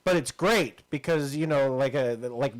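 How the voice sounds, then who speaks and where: Man, podcast co-host, casual storyteller, mid-pitched ordinary voice. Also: unhurried. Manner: storytelling, chatty, laughing asides. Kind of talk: casual chat.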